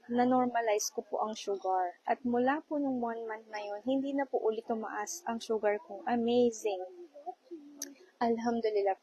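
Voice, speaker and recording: Filipino woman in her forties, livestream host; higher-pitched, polite and heartfelt, pauses and restarts often. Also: dark tone, husky, low-quality recording. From Philippines. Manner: polite and heartfelt, with frequent hesitations. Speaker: low-carb vlogger. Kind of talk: casual livestream talk.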